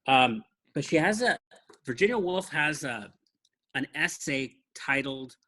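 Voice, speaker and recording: A man hosting a podcast, chatting in a relaxed, thoughtful way about books he shows to a co-host. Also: a little high, measured pace. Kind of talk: casual book chat.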